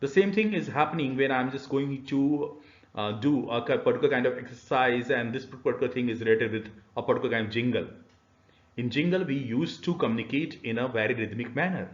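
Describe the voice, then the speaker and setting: A male university lecturer explains the topic in a halting way, pausing often on "uh". His voice is middle-pitched. The room echoes, and the sound is slightly dull. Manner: hesitant, many "uh" fillers, explanatory. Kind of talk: recorded e-learning lecture.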